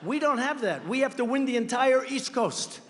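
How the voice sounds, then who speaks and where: Older American candidate, raised pitch, rambling rally boasts, long hall echo. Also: male voice, animated, normal speed. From United States. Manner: rambling, boastful, bursts of shouting. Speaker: political candidate. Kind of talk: campaign rally speech. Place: large rally venue.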